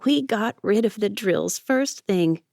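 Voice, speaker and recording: A woman's voice: mid-range voice, expressive, slow, gravelly, a little mellow, dry recording, studio quality, pitched above the performer's own voice. A woman voicing a fussy, chatty middle-aged seamstress in an audiobook. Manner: bustling, apologetic, chatty.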